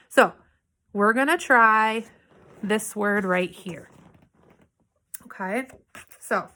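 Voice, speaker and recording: Bright-voiced woman teaching phonics. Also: fairly high pitch. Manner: patient, sounding out words slowly. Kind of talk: remote phonics lesson for young children. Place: home, downstairs room.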